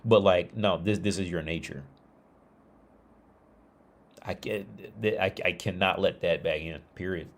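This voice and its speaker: A man's voice: sits low, fairly even intonation, unhurried, pauses often. A man talking on a casual livestream, rambling with many restarts and fillers. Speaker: streamer.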